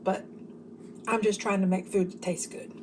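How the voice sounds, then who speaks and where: Eating as she talks, a woman in a casual home cooking vlog addresses her viewers directly and raves about the dish in a chatty, enthusiastic way, saying "y'all" a lot. Her voice is middle-pitched and steady at normal speed, with a faint noise underneath.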